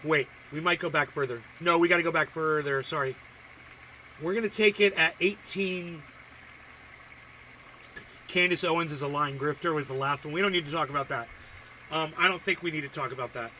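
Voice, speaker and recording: A man's voice: on the high side, moderate pace, pauses often, sharp tone, slight background noise, low-quality recording. A man hosting a livestream, reacting to videos with profane, crude ranting and insults. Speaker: livestream host.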